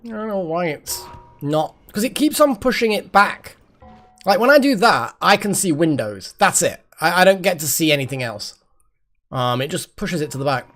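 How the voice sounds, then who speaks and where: Lively rambling man streamer. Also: on the high side. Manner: rambling, chatty, swears and laughs often. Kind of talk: casual live-stream chat while gaming.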